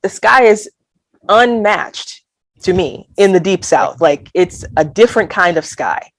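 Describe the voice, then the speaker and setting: Pitched fairly low, her voice is animated yet measured in pace. An Alabama poet appearing as an interview guest, she reflects in conversation with earnest candor, soft laughter, and voiced snippets of what she was thinking.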